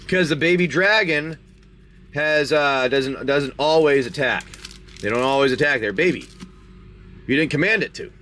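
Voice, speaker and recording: A man's voice: on the high side, moderate pace, long pauses, sharp tone, slight background noise. A man hosting a live stream, chatty and rambling as he narrates a tabletop game and opens card packs. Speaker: game master and card-break host.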